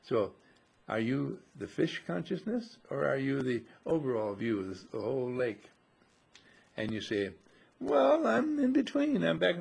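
A man giving a slow, musing spiritual teaching to a group, repeating and correcting himself and acting out his listeners' voices. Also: mid-range voice, gravelly, husky. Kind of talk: metaphysical teaching talk to a group.

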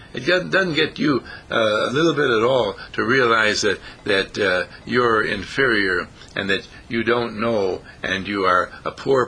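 A man with a lowish, sharp-toned voice preaches a folksy sermon, repeating phrases and raising his voice on key words. There's slight background noise.

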